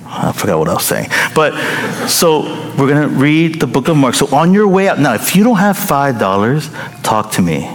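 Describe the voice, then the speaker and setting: A man's voice: medium pitch, very animated, moderate pace. A middle-aged male pastor preaching a sermon in a playful, joking way, chuckling often. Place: large church hall. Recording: reverberant hall with faint noise.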